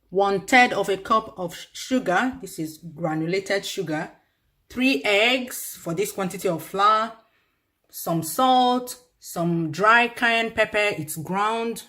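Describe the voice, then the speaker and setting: A woman's voice: medium pitch, bright, forceful tone. Middle-aged woman, Igbo-accented Nigerian English, easygoing cooking host who keeps confirming herself with "yeah". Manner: chatty, tacks on "yeah" and "yes" to confirm her points; playful, laughs between steps. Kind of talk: cooking tutorial.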